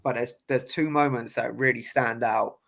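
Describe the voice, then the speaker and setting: A man's voice: medium pitch, steady tone, moderate pace, vocal fry, fairly bright tone. A young man, a boxer telling stories in casual podcast chat, laughing often and restarting his sentences. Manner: laughing, storytelling with many restarts.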